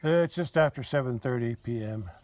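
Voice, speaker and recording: Male farmer of medium pitch, narrating his outdoor chores with a rambling, chatty delivery and speaking to his cattle in between. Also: moderate pace, a little mellow. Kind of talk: casual self-narrated vlog. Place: outdoors on a farm pasture.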